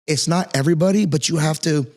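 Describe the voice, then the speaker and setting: A man's voice: on the high side, quick pace, darkish tone. A man hosting a casual interview podcast, talking earnestly and rambling with many restarts and fillers. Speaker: podcast host and martial arts instructor.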